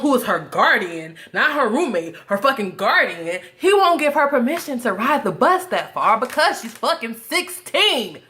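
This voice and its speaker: A young adult woman telling a casual storytime monologue to her viewers, animated and profane, breaking into laughing asides. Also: high voice, normal speed, few pauses. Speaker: vlogger.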